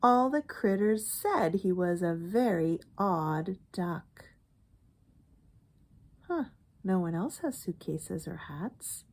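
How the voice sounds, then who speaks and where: Animated woman reading a picture book aloud. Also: lowish voice. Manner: pauses to comment and ask listeners questions.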